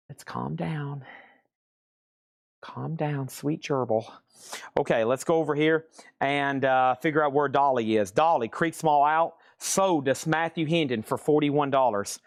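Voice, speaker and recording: A man's voice: on the high side, no echo, studio quality. A man hosting a live online record sale, rattling off grades and prices and joking with viewers between lots. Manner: jokey, rapid price calls. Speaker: live auction host.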